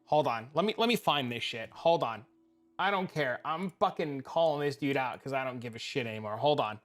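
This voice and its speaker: A man's voice: mid-range voice, animated, brisk, faint music behind. Profane ranting male streamer. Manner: profane, blunt and heated. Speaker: game streamer. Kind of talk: casual live stream rant.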